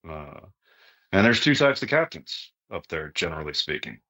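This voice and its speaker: This podcast guest, a middle-aged retired army sergeant major, has a low-pitched voice with a bright, forceful tone. He is very animated yet keeps a normal speed, speaking plainly and casually in a conversational interview. He frequently tags his sentences with "right?".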